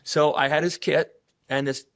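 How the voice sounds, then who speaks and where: A man telling stories in a casual podcast chat, animated, acting out voices and sounds. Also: normal speed, dry recording. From Upper Midwest of the US. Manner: animated, acts out patients' voices and squeak sounds.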